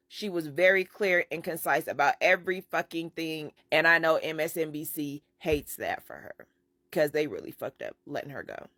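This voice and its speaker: A woman, blunt and exasperated, swearing through a profane rant. Her voice is bright and sharp, recorded dry and close. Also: deep voice, no room sound. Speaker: commentator. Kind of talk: profane social media rant.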